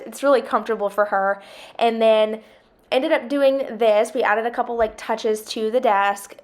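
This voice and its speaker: A woman chats through a home vlog. She rambles easily and fills pauses with "like" and "um". Her voice sits at an ordinary middle pitch. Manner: chatty, rambling, with many fillers. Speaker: vlogger. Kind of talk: casual home vlog chat.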